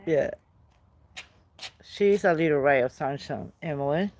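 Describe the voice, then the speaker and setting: A woman's voice: deep voice, unhurried, a little mellow. A woman hosting a casual live stream outdoors by a night fire, chatting with viewers, greeting them by name and laughing often. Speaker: livestream host.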